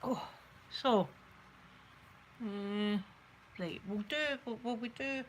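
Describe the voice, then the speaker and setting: Scottish woman, ASMR host, soft chatty rambling, close mic, faint hiss. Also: mid-range voice, slow pace. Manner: chatty, rambling storyteller who talks to viewers. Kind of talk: soft-spoken ASMR makeup chat.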